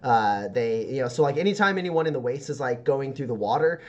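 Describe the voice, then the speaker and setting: A man's voice: medium pitch, lively intonation, a little fast, a little mellow, lo-fi sound. A man narrating a tabletop game as game master, describing scenes in a rambling way with many fillers.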